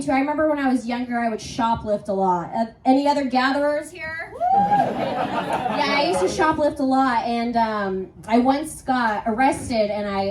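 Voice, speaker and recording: A young woman doing a stand-up comedy set, rambling and crude, giggling often through her confessional stories. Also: fairly high pitch. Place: comedy stage before a live audience. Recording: roomy, distant mic, faint audience noise.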